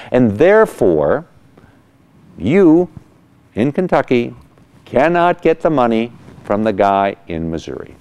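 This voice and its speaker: A man with a fairly low voice explains a court case as a weekly legal segment. He talks like an animated storyteller, with lively pitch swings, and acts out the parties' lines. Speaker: attorney host of legal segment.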